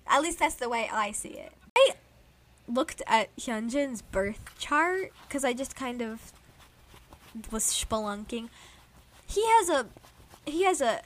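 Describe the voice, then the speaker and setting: Animated young woman gushing as a fan. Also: on the high side, takes it slowly, pauses often. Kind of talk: casual chat.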